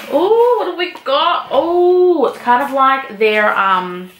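A young woman vlogger chatting excitedly through an unboxing, gushing and exclaiming, with casual swearing. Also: high voice, slow pace. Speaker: book vlogger. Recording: echoey room, faint noise.

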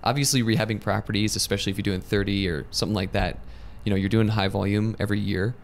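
A man's voice: on the low side, fairly even intonation, fast talker, vocal fry, slight background noise. A man with an American accent co-hosting a casual business discussion, explaining points step by step in a conversational way. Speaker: lending company co-host.

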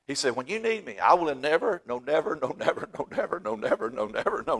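A man preaching a fervent sermon in a church, swinging from loud exclaiming to hushed asides. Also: on the high side, sing-song, quick pace, vocal fry, hardly any pauses. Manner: fervent, swings from shouting to near-whisper. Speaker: pastor. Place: church sanctuary.

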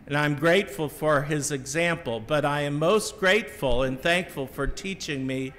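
A middle-aged man from the American Midwest giving a homily as a Catholic priest, telling a story in a measured, reflective way with small restarts. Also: a little high, a bit bright, slight background noise. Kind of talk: sermon. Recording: long church reverb.

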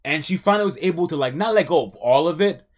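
Animated, slangy male streamer. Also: fairly high pitch, quick pace. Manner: slangy, excitable, talks back at the story. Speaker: streamer reacting to a comic. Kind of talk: casual live reaction commentary.

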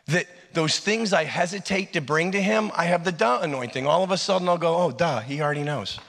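A man in his forties preaching a sermon, telling his story emphatically with sudden loud and soft turns. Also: high-pitched, creaky, breathy edge. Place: large church hall. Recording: echoey church hall.

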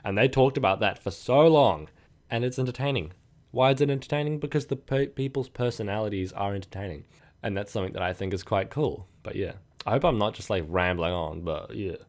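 A man's voice: on the low side, lively intonation, a little fast, a little mellow. A young man hosting his own podcast, talking casually and rambling with lots of fillers and restarts. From New Zealand. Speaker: podcast host. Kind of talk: casual solo podcast talk.

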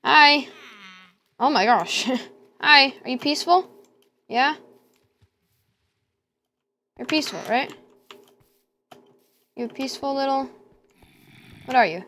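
A woman's voice: high-pitched, lively intonation, slow, long pauses, sharp tone, slight background noise. A woman giving casual let's-play commentary, talking to herself and squealing at danger. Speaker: gamer.

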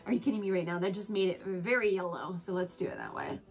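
A woman chatting casually through a product haul, gushing and excitable, often breaking into squeals of delight and correcting herself mid-sentence. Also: on the low side, quick pace, faint music behind. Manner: chatty with self-corrections and asides. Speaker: home and collectibles vlogger.

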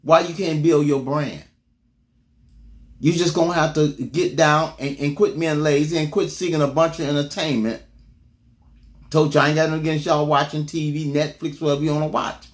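Speaking at normal speed with fairly even intonation, the man preaches to inspire his congregation. Call-and-response and repeated words drive the sermon, which moves back and forth between loud bursts and hushed murmurs.

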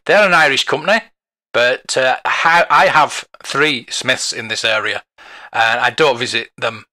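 A man talks through a casual vlog review in a chatty, meandering way, with frequent chuckles. His voice sits at an ordinary middle pitch but comes across bright and forward. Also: a little slow. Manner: chatty, rambling, chuckles often. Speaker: toy collector vlogger.

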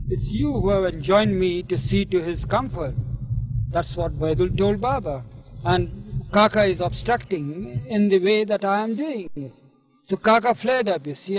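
High-voiced man telling old anecdotes. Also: rough recording. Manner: leisurely, with frequent filler "you see". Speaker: interviewee. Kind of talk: anecdotal storytelling interview. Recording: archival 1971 interview recording.

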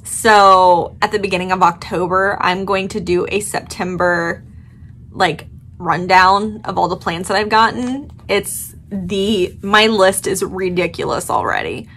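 A woman's voice: medium pitch, unhurried, fairly bright tone. A woman vlogger gushing dramatically over a new plant, yawning and sleepy despite her coffee. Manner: gushing, dramatic, swearing casually. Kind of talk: excited unboxing vlog.

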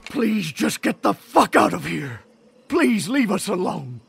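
An actor voicing a desperate older man in a video game, shouting to drive intruders away from his dying wife. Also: high voice, sing-song, unhurried, gravelly, breathy edge, full character voice. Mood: pleading.

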